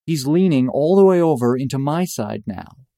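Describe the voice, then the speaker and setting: Young male storyteller, deadpan and mock-epic, mellow tone, dry close sound. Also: medium pitch, moderate pace, creaky, no echo. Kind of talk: personal story narration.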